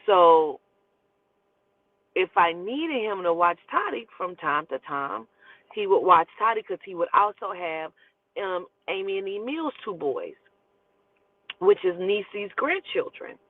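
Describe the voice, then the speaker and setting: A woman telling a personal story in a casual, profane, animated way and acting out the quotes. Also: medium pitch, a little slow, pauses often, no room sound. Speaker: storyteller host. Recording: tinny phone-like line, dry.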